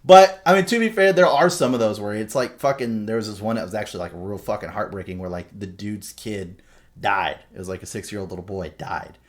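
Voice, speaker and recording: A man co-hosting a podcast in casual chat, a profane, rambling storyteller who shouts out quotes when retelling. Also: fairly low pitch, fairly quick. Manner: loud acted quotes in retellings. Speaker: podcast co-host.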